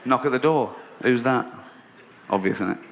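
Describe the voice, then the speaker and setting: An English man performing a stand-up comedy routine on a theatre stage, telling stories deadpan and then ranting in disbelief. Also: mid-range voice, normal speed, gravelly. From England. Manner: storytelling, deadpan then rising to incredulous rants. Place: theatre stage with a laughing audience. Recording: noisy live venue recording.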